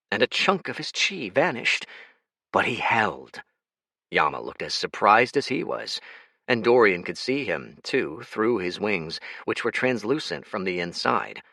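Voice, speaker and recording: A man narrating a fast-paced action audiobook in a dramatic, animated reading style, close to the mic. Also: lowish voice, no echo.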